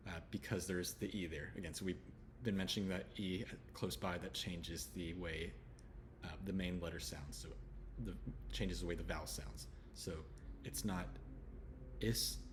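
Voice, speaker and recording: A man from Houston, teaching letter sounds in a relaxed lesson and slowly repeating each sound. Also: low voice, a little hiss or hum. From Houston, Texas. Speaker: English pronunciation teacher. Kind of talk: casual spoken lesson.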